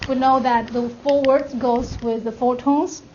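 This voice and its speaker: High-voiced woman teaching tones in a classroom. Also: fairly even intonation, unhurried, darkish tone. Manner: demonstrates tones by drawing out and singing vowel sounds. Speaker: language teacher. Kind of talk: classroom instruction. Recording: lo-fi classroom recording with clear noise.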